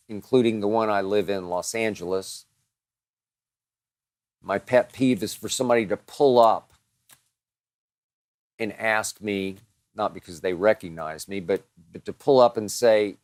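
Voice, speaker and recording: A man's voice: fairly low pitch, no echo. A man hosting a show, answering listener questions in a dramatic, emphatic monologue that piles up strong words.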